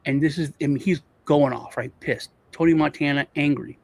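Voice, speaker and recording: A man's voice: fairly high pitch, moderate pace, hardly any pauses, a little mellow. A man from Europe co-hosting a casual chat, rambling and repeating words as he restarts his sentences. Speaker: co-host.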